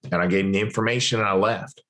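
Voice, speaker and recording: A man's voice: fairly low pitch, fairly even intonation, fast talker, a bit bright. A man, a former military interrogator, telling his story in an interview and acting out the dialogue as he goes. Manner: vivid storyteller who acts out quoted dialogue.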